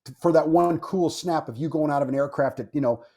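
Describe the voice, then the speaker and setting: A man's voice: a little high, fast talker, mellow. A man speaking as a guest on a podcast interview, blunt and opinionated, swearing freely and often repeating himself. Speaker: firearms instructor, guest.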